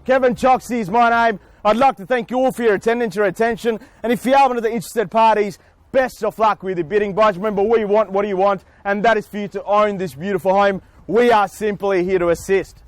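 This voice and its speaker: A man, an auctioneer, speaking outdoors in front of a house with booming salesman patter and long theatrical pauses. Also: steady tone, no room sound. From Australia. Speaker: real estate auctioneer.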